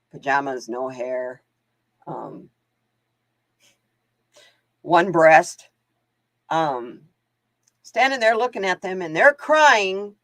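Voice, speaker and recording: A woman's voice: medium pitch, no echo. A woman hosting live card readings, chatting casually to viewers and laughing often as she wanders off into stories. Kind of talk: casual livestream chat.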